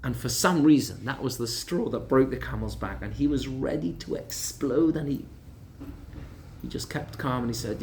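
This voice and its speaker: A male rabbi telling a story in a lunchtime Torah class, animated and conversational. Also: medium pitch, moderate pace, a little hiss or hum. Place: lecture room in Gibraltar.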